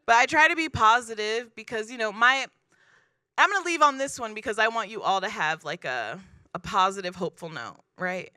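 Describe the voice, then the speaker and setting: A woman performing a stand-up comedy set on a club stage, deadpan and self-deprecating, acting out the people in her stories. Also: fairly high pitch, brisk, clear, resonant tone, no echo, studio quality.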